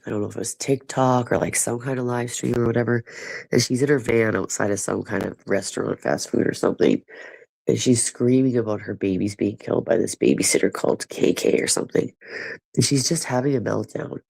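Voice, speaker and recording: A man's voice: on the low side, brisk, vocal fry, darkish tone, low-quality recording. A man chatting casually with his livestream viewers, rambling and profane, with a stuffy nose.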